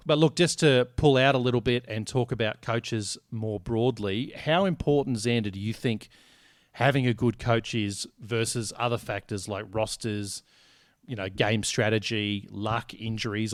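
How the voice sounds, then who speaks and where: A man's voice: on the low side, steady tone, moderate pace, dry recording, studio quality. A man co-hosting a casual sports podcast, blunt and joking, swearing freely. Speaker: podcast co-host.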